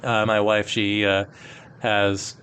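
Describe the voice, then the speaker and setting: Low-voiced man chatting casually. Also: little pitch movement, takes it slowly, a bit bright, slight background noise. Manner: opinionated, rambling with many fillers. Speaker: podcast co-host. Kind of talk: casual film discussion.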